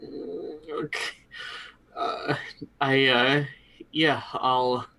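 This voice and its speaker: A man's voice: medium pitch, fairly even intonation, takes it slowly, long pauses, bright, forceful tone, low-quality recording. A man playing in a tabletop game, describing his character's moves casually. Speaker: player. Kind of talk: tabletop role-play chat.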